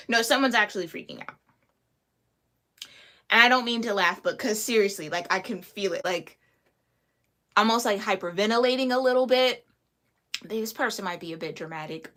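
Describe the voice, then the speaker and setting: Bright-voiced chatty woman tarot reader. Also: medium pitch, unhurried, pauses often. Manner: chatty, laughs often, slangy. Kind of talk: casual tarot reading podcast.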